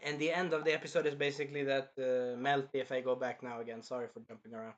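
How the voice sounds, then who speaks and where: A man giving a casual anime episode review, excitable, acting out scenes in bursts and swearing freely. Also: mid-range voice, quick pace, highs cut off.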